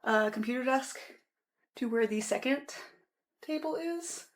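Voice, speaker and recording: A woman's voice: high-pitched, unhurried. A woman vlogging casually from a room at home, chatting in a rambling way and correcting herself as she goes. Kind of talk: casual vlog chat.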